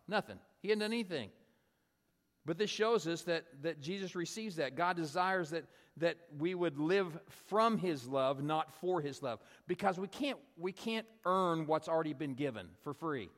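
A male pastor preaching in a relaxed, conversational way, telling stories and often asking "right?" to keep listeners with him. His voice sits a little high for a man. The sound carries the long reverb of a large hall. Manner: conversational storytelling, frequent "right?" tag questions. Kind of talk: sermon.

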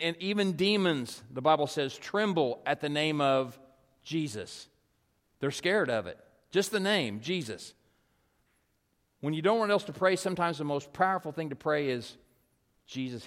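A man preaching a sermon in a conversational way, with rhetorical questions, repeated calls and asides. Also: mid-range voice. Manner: drops to a soft, slow, hushed delivery. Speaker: pastor. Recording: long hall reverb.

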